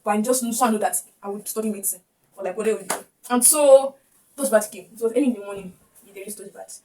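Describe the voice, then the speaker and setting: A woman's voice: mid-range voice, fast, dark tone. A young woman with a Nigerian accent telling a personal story to camera, emotional and often repeating her words. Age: young adult. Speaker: vlogger. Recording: distant mic with faint background noise.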